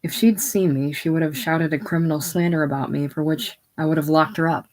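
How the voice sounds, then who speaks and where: A reader voicing an anxious, secretive middle-aged woman in a casual play reading, halting and breaking off mid-sentence. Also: medium pitch, steady tone, close to an everyday voice, poor audio. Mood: fretful.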